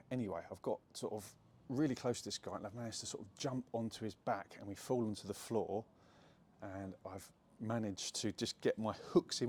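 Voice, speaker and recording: Deep gravelly man telling a story. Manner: chatty, animated retelling with many fillers. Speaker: property investor telling a story. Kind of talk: storytelling to camera.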